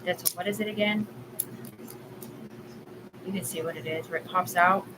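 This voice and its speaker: A woman's voice: on the low side, fairly even intonation, normal speed. A woman in her forties ranting on a live stream, rambling, agitated and profane. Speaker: livestream host. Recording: clear background ambience noise.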